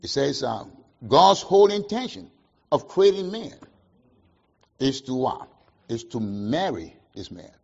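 A man preaching a sermon, asking the congregation questions and answering them, with sharp swings between loud emphasis and quiet asides. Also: mid-range voice, very animated, measured pace, gravelly, long pauses, breathy edge, lo-fi sound. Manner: call-and-response questions, emphatic swings in loudness.

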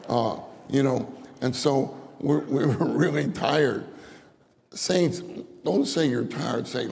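Older man preaching with a gravelly voice. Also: a little high, normal speed, in a large hall. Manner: animated, conversational, acts out prayers. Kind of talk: sermon.

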